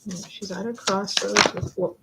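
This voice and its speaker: A woman's voice: medium pitch, fairly even intonation, normal speed, heavy background noise. Chatty woman tarot reader, rambling. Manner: chatty, rambling, many fillers and self-interruptions, laughs often. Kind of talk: live-stream tarot reading, casual chat.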